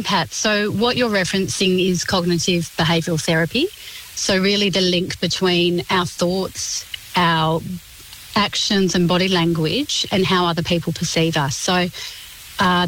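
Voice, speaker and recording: A woman, a communications specialist answering on a radio interview in a clear, explanatory, measured way. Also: on the low side, fairly bright tone, a little hiss or hum, poor audio.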